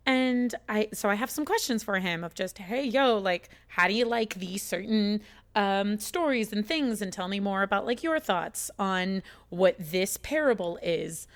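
A woman's voice: medium pitch, animated, measured pace. A woman from the United States talking in a casual, rambling chat, swearing a lot and getting emotional as she tells her story.

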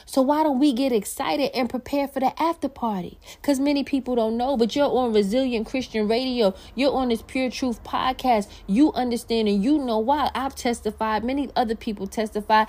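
A woman's voice: on the high side, moderate pace, hardly any pauses. A woman hosting a Christian podcast, talking casually about faith and reading scripture aloud, using slang as she goes. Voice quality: animated, conversational preaching with slang. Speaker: podcast host.

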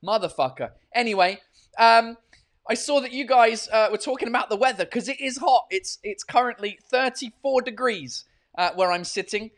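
A man's voice: very high-pitched, normal speed, fairly bright tone. A man hosting a casual live-stream podcast, rambling and swearing freely as he chats from a hot room with a fan running. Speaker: podcast and livestream host.

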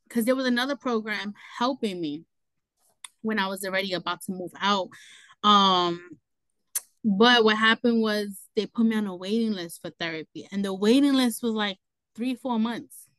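A young woman, a guest telling her own story in casual talk, animated and quick to laugh, leaning on "you know" between thoughts. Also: medium pitch, no echo, rough recording. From New York City.

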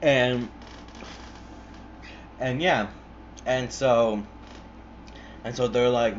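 A man's voice: medium pitch, measured pace, long pauses, muffled recording, slight background noise. A young man casually retelling a film, rambling with constant swearing, fillers and restarts.

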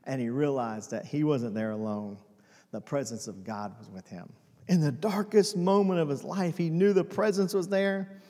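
A man preaching a sermon as pastor, swinging between hushed and loud passages. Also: mid-range voice, lively intonation, normal speed, long reverb tail.

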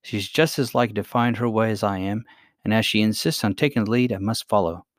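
A man's voice: lowish voice, brisk, no room sound, studio quality, close to an everyday voice. A man voicing a sturdy, practical young miner boy who talks bluntly and matter-of-factly in a storybook reading. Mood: musing. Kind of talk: audiobook character voice.

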